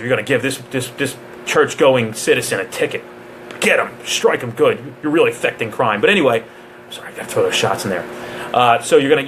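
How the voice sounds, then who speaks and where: A man's voice: medium pitch, a bit bright, a little hiss or hum. A man who trains police officers, giving a casual live question-and-answer session with jokes and digressions.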